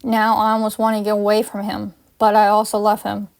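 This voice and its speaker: A woman's voice: mid-range voice, completely flat delivery, brisk, a little mellow. A woman reading her own first-person fan story aloud, with small slips and restarts. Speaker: fanfiction reader.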